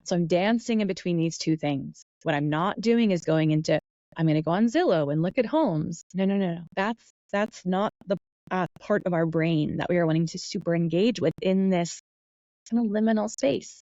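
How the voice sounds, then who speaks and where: A woman hosting a podcast, musing softly and meandering through a reflective guided talk, with fillers and self-corrections. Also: lowish voice, moderate pace, no room sound, highs cut off. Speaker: podcast host.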